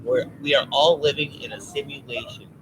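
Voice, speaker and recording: A man's voice: a little high, fairly quick, fairly bright tone, a little hiss or hum, rough recording. A man chatting casually on a stream and musing about life and reality. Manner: musing, philosophizing. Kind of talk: casual drunken chat.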